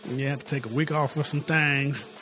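A man's voice: medium pitch, steady tone, normal speed, bright, forceful tone, soft background music. A man co-hosting a casual sports talk podcast, with a slight lisp and a laid-back, slangy way of talking. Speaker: podcast co-host.

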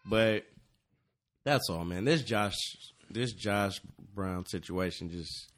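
A man's voice: on the low side, takes it slowly, fairly bright tone. A man co-hosting a sports podcast, talking casually with stammered restarts. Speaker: podcast co-host.

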